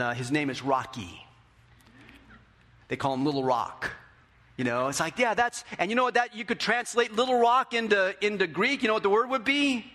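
A man preaching a sermon as pastor, animated, acting out the quotes in a raised voice. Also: a little high. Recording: hall with long reverb.

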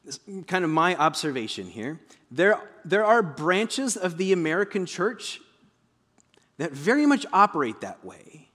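A man preaching a sermon as pastor, conversational, breaking into booming dramatic quotations. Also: a bit bright. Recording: long hall reverb.

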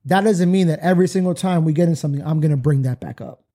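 A man's voice: on the high side, fast talker, warm tone. A man reflecting on forgiveness in a candid faith talk, often repeating words as he searches for them.

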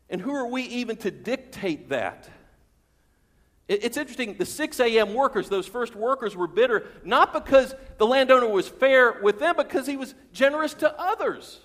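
A man's voice: extremely high pitch, animated, moderate pace, fairly bright tone, big-room sound. A man preaching a sermon as pastor in a church, asking the congregation questions and repeating key words for emphasis. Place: church sanctuary.

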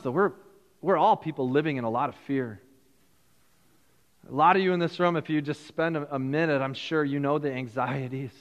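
A man with a fairly high voice preaches a Christmas sermon in a church sanctuary. He keeps it conversational, repeating phrases and restarting as he goes. His words ring out with a long hall reverb. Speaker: pastor.

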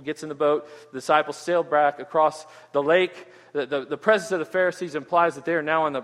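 A man's voice: a little high, a bit bright. A man preaching an expository sermon as a pastor, earnest and emphatic, often restarting phrases and adding "right?". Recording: echoey hall with long reverb.

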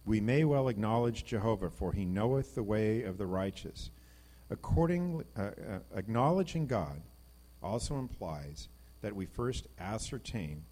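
Middle-aged guy preaching casually, lowish voice, gets loud and excited on the big points. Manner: conversational, reads scripture aloud, animated emphasis. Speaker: Bible teacher. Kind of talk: informal sermon.

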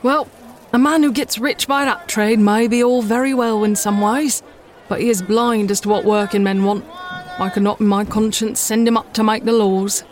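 A principled cab driver and father from a classic storybook, steady and grave as he talks of conscience. A woman reading aloud gives him her own even voice. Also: mid-range voice, normal speed, a little hiss or hum, lightly acted. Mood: firm. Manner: steady, serious, moralizing.

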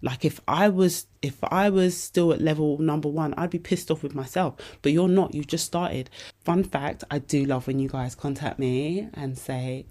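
Low-pitched and mellow, her voice keeps fairly even intonation at a normal speed. As a podcast host, she doles out frank, casual advice laced with plenty of swearing, addressing listeners as "babes."

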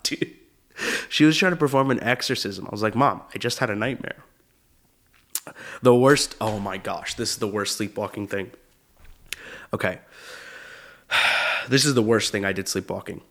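A man's voice: fairly low pitch, fairly bright tone. A young man, a comedian hosting his own show, telling funny personal stories in a loose, slangy way and often laughing as he goes. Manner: casual, slangy, says "dude" often. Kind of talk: comedic storytelling monologue.

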